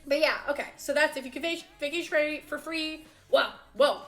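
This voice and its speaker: A woman's voice: high voice, normal speed, a bit bright, faint music behind. A young woman streamer chatting casually and reading her chat aloud, laughing often.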